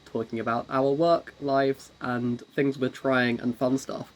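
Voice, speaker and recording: A woman's voice: very deep voice, flat delivery, a little slow. A young woman co-hosting a casual chat podcast, rambling and self-deprecating with lots of restarts. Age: young adult. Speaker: podcast co-host.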